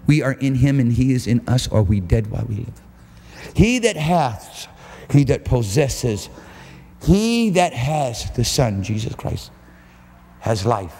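A man's voice: mid-range voice, big pitch swings, measured pace, dark tone. A man preaching a sermon at a church service, fervent and emphatic, stretching out key phrases. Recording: echoey church hall with faint noise.

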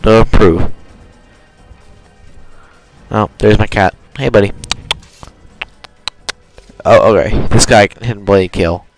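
A man's voice: fairly low pitch, fairly even intonation, unhurried, long pauses, faint music behind, poor audio. Give me a young man rambling through casual game commentary, often correcting himself. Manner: rambling, self-correcting, chatty. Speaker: gamer. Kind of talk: casual let's play commentary.

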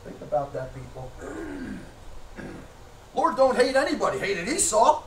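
Male pastor, very high voice, emphatic sermon delivery, heard from far off in a reverberant church, faint background hum. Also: huge pitch swings, unhurried. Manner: emphatic, rhetorical questions, occasional shouting. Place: church sanctuary. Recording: echoey church from a distance.

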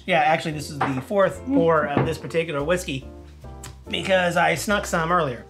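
A man's voice: a little high, moderate pace, music in the background. A man co-hosting a whiskey review, talking in a loose, joking way. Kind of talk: casual tasting chat.

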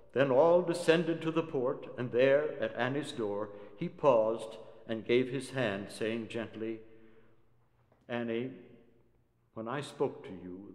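Slow, theatrical male poetry reciter. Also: mid-range voice. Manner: measured, theatrical. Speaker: narrator. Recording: roomy hall reverb.

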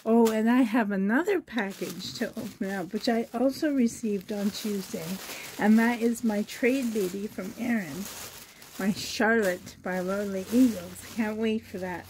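A woman's voice: mid-range voice, unhurried, darkish tone, a little hiss or hum. A woman vlogger from Canada unboxing gifts in casual chat to the camera, gushing and exclaiming over each item, sore and a little strained in the voice. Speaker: reborn doll vlogger.

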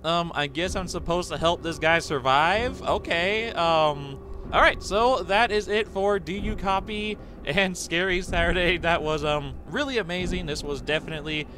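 A young man hosting a let's play of a horror game, excitable and jumpy, yelping and chattering to viewers. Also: high-pitched, moderate pace, slight background noise. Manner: excitable, jumpy, laughs and yelps often. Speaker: gaming channel host.

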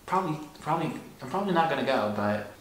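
A young man with a fairly high voice, talking to camera in a sassy, campy vlog, swearing freely. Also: animated, fast talker, slight background noise. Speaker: vlogger. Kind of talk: casual vlog talk to camera. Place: Los Angeles, outdoors and at home. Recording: music playing behind.

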